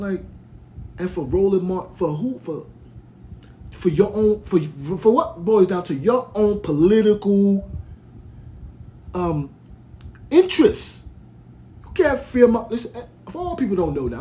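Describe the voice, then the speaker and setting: A man's voice: high-pitched, sing-song, moderate pace, mellow. A man from Brooklyn, hosting a podcast in a heated, rambling rant full of restarts. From United States (Brooklyn). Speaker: podcast host. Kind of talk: ranting monologue.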